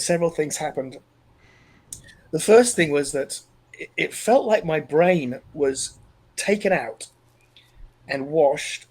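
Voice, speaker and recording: A middle-aged man telling a personal story as a podcast guest, earnest and emotional, halting and restarting as he talks. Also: fairly high pitch, a little mellow, slightly rough, rough recording. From Australia.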